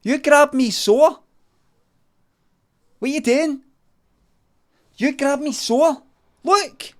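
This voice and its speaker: A man's voice: very slow, full character voice. A man putting on a whiny Scottish lad. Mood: whining. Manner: high whining complaint. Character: whiny petulant young male football thug.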